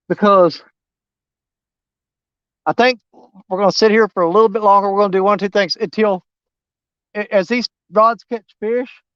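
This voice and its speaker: A man's voice: high-pitched, fairly bright tone, clean tone, dry recording, lo-fi sound. A man, live-streaming from a riverbank while fishing. He rambles to his viewers in a folksy, easygoing way and is winded. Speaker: fishing vlogger. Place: outdoors at a riverbank.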